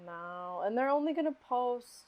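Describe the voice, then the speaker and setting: A woman's voice: a little high, expressive, moderate pace. A woman, the host's cousin, chatting as a guest, supportive and finishing his sentences. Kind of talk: casual chat. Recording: dull lo-fi audio.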